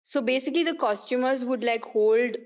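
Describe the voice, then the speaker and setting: Woman, 40s, podcast guest, lively story after story, voice sits a bit high. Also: a little fast. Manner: animated anecdotal storytelling, laughing often. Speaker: guest, actress and politician. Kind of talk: casual podcast conversation.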